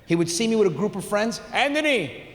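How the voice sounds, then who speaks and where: Middle-aged male stand-up comic, high voice, loud and animated, live on stage in a reverberant hall. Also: quick pace. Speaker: stand-up comedian. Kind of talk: stand-up comedy set. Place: theater stage with live audience. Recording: live hall reverb, faint room noise.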